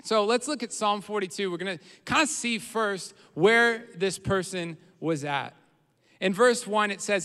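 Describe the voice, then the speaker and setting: Pastor, male, bright high voice, smooth and clear, earnest preaching style, reverberant church hall. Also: measured pace. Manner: earnest preaching, rises in volume on quoted prayers. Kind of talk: sermon.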